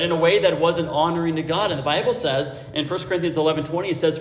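A man preaching a sermon as a pastor, speaking earnestly and often repeating words and checking in with "all right.". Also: fairly high pitch. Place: church sanctuary. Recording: dull lo-fi church recording with long hall echo.

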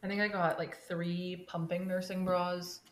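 A woman with a fairly low voice chats casually as a podcast co-host. She giggles often and drifts into tangents, with a roomy echo around her. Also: flat delivery, a little slow, a little hiss or hum. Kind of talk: casual chat.

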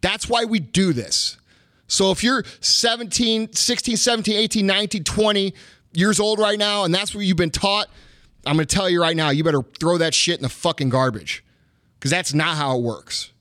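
A middle-aged man from the United States rants into a podcast mic, swearing freely and hammering his points with repetition. His voice sits high for a man and comes through dry and close, with no room around it. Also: moderate pace, sharp tone, dry recording. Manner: profane, emphatic, punchy repetition. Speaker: podcast host. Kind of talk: fired-up motivational rant.

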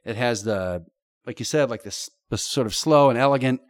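A man's voice: medium pitch, brisk, no room sound, clean studio sound. A middle-aged man, an improviser, telling a vivid, profane story in casual chat. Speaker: podcast guest.

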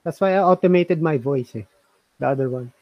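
A man hosting a casual review chat, talking in halting bursts and repeating his words. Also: a little high, dry recording, highs cut off. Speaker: host reviewing software.

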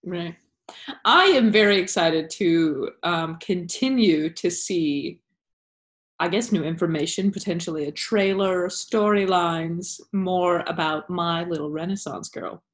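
A woman's voice: lowish voice, unhurried. A woman hosting a podcast in casual chat, rambling and laughing as she jumps between stories. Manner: rambling, laughing, self-interrupting. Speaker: podcast host.

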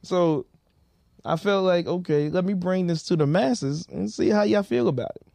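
Casual podcast co-host, man, higher-pitched, repeats himself and stretches key words, dry close recording. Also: vocal fry, no room sound. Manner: animated, repeats himself, drawn-out stresses. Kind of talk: casual chat.

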